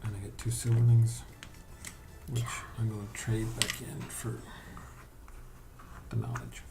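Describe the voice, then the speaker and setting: Gravelly man over loud noise. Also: fairly low pitch, big pitch swings, a little slow. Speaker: board game player. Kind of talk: casual chat while playing a board game.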